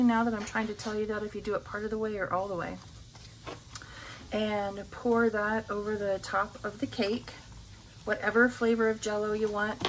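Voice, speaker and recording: Casting note: unhurried woman budget vlogger, easygoing talk, faint hiss behind her. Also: mid-range voice, low-quality recording. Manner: slow, rambling, many ums. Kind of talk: casual chat while counting cash. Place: home.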